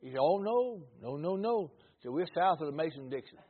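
Older male preacher, Mississippi drawl, husky, tinny phone-like sound, folksy sermon testimony. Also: lively intonation, fairly quick. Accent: Mississippi Southern. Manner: storytelling, rises loud then drops low.

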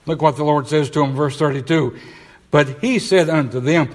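A man's voice: a little high, moderate pace, darkish tone. Man preaching in a reverberant church. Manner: preaching with rhetorical questions, reading scripture aloud. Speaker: pastor. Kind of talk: sermon. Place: church sanctuary. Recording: live church sound with long reverb.

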